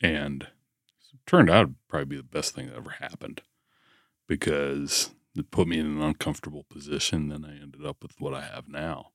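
Deep-voiced man talking bluntly. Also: fairly even intonation, moderate pace, dry recording, clean studio sound. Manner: blunt and profane, reflective. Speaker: podcast guest. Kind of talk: casual conversation.

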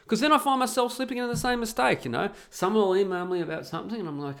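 A man's voice: high-pitched, sing-song, fast talker, creaky, hardly any pauses, fairly bright tone. A man hosting a solo podcast, talking in a blunt, sweary, sarcastic way. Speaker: podcast host.

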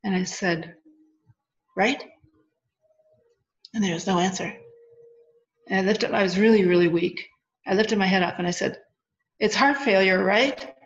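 A woman's voice: medium pitch, moderate pace, long pauses. A middle-aged woman telling a personal story as an interview guest, acting out quoted dialogue as she goes. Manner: animated retelling with quoted dialogue. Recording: lo-fi muffled audio.

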